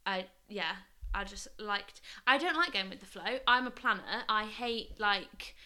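A young woman from England in casual podcast chat, thoughtful and often trailing into soft, quiet asides. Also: medium pitch, animated, a little slow. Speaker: podcast co-host.

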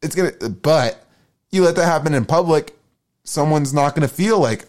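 A man's voice: fairly high pitch, lively intonation, moderate pace, a little mellow. Rambling, cursing young man on a solo podcast. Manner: rambling, profane, self-deprecating. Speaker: podcast host.

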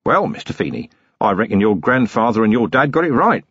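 A man's voice: medium pitch, very animated, a little fast, a bit bright, breathy edge, no echo. A man reading a novel aloud, voicing a seasoned city police commander who talks dry, plain and wry. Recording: dull lo-fi audiobook recording.

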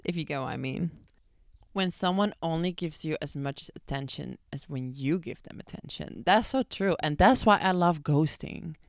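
Young american woman podcasting, low gravelly voice, smooth and dry, blunt and swears a lot. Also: no echo. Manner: blunt, chatty, swears freely. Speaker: podcast host. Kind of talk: casual chat.

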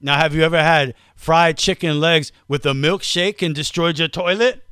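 A man hosting a podcast in casual chat, talking fast and teasing his co-host. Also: on the high side, fairly even intonation, sharp tone, clean tone, no echo, clean studio sound.

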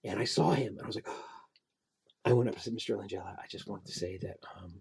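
A man's voice: quick pace, gravelly, husky. A middle-aged man, an actor and puppeteer, telling a story as a guest in a casual interview and acting out the people in it. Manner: animated storyteller, acts out voices with big pitch jumps.

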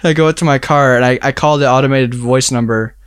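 A young man talks in a loose, rambling way, piling up filler words and breaking into laughs. His voice is smooth and clean, recorded close and dry with no room sound. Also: mid-range voice, steady tone, quick pace, no echo. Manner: rambling, filler-heavy, laughs while telling a story. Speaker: storyteller in a casual chat. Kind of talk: casual chat.

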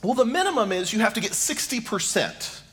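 High, lively middle-aged pastor preaching. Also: male voice, brisk. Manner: repeats questions rhetorically, addresses listeners directly. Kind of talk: sermon.

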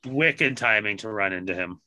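A man on a podcast telling a story casually, swearing constantly and animated in his retelling. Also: fairly low pitch, moderate pace, smooth, no room sound. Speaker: podcast co-host.

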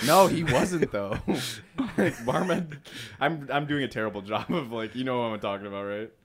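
A man's voice: mid-range voice, moderate pace, a crowd in the background. A man rambling through stories in a casual group chat, laughing often and swearing.

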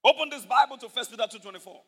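A man's voice: very high-pitched, racing, fairly bright tone. A male pastor preaching a sermon, emphatic and repetitive, calling out to the congregation for responses. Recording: reverberant hall.

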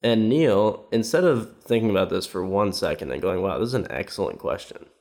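A man's voice: on the low side, animated, brisk, a little mellow. A man ranting in casual commentary, sarcastic and rambling with many fillers, mocking what others said. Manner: mimics quoted speech with raised voice.

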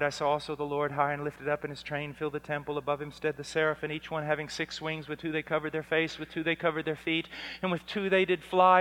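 A man preaching a sermon, impassioned and building to near-shouting on key points. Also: on the high side. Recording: long reverb of a large hall.

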